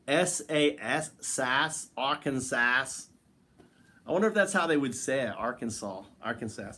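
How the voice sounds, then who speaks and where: A man's voice: fairly high pitch, sharp tone. A man hosting a casual livestream from his home, sitting on the floor and rambling loosely as he talks straight to viewers and answers the chat. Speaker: livestream host.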